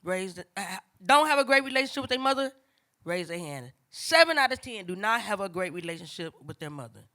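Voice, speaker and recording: A woman's voice: medium pitch, brisk. An older woman with telling a family story on stage, conversational and acting out voices of her relatives. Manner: animated, acts out family voices, casual and conversational. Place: stage before a live audience.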